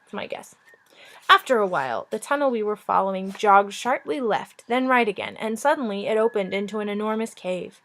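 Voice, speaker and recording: A woman's voice: mid-range voice, expressive, a little fast, few pauses, fairly bright tone. A woman teacher reading a chapter book aloud, informal and chatty, stopping to joke and comment. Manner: informal, joking, breaks off to chat.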